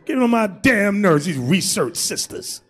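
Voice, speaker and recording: A man preaching as a bishop in a loose, comic style, animated and often shouting, acting out quotes. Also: high voice, measured pace.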